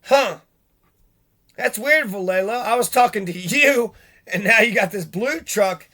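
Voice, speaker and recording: A man's voice: high-pitched, a little slow, bright, forceful tone. A middle-aged man delivering an angry, profane vlog rant full of rhetorical questions. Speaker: vlogger. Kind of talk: angry ranting monologue.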